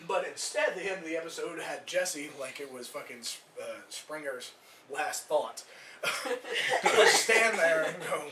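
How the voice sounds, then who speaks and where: Stand-up comic, man, high bright voice, lively delivery, roomy far-off recording. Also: unhurried, a little hiss or hum. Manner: loose rambling delivery with acted-out voices and swearing. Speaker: stand-up comedian. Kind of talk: stand-up comedy set. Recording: echoey room recorded from afar.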